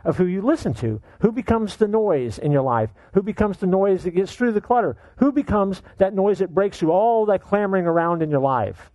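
A man preaching a sermon as pastor, animated and joking, firing off rhetorical questions at his congregation. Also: high voice, a little fast, hardly any pauses, no room sound, poor audio.

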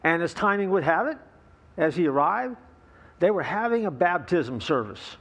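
A man's voice: high-pitched, sing-song, moderate pace, a bit bright, slightly rough. Folksy pastor man preaching a sermon. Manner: folksy joke-telling with chuckles and fillers.

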